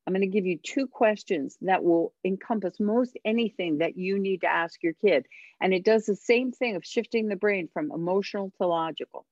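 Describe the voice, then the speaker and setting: A woman parenting coach and author, a radio interview guest, speaking emphatically and giving tips with dramatic pauses. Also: mid-range voice, darkish tone, no echo, lo-fi sound.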